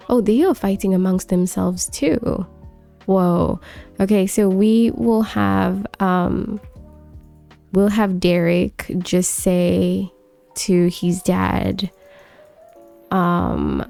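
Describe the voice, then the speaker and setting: A woman's voice: medium pitch, expressive, slow pace, vocal fry, warm tone, soft background music. A woman giving casual, chatty commentary on a life-sim game story, full of fillers. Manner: chatty, filler-heavy, laughs often. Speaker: let's play host.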